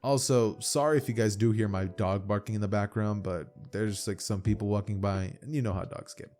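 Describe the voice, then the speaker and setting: A man's voice: fairly low pitch, steady tone, a little fast, darkish tone. Casual man retelling an anime fan story. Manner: loose, repeats "as from here", fillers. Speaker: youtube narrator. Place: home.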